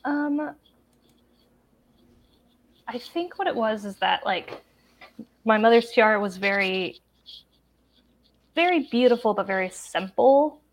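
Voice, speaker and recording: A woman playing in a tabletop game over an online call, describing her ideas haltingly and searching for words. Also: fairly high pitch, animated. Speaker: player. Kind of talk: casual tabletop play.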